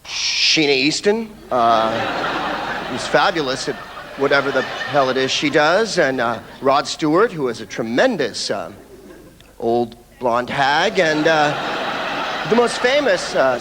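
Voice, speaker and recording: A man's voice: mid-range voice, in a large hall, background noise. A man with an American accent performing a sardonic, laid-back stand-up routine. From United States. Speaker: stand-up comedian. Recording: live stage in a theatre with audience.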